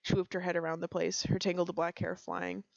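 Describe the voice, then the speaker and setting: A lower-voiced woman reads community stories aloud in a relaxed stream, giggling often between passages. Her sound is dry and a little dull, as from a plain home mic. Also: brisk, vocal fry, dry recording. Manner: giggly, breaks into laughter. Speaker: streamer reading community roleplay posts. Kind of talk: casual read-aloud storytelling.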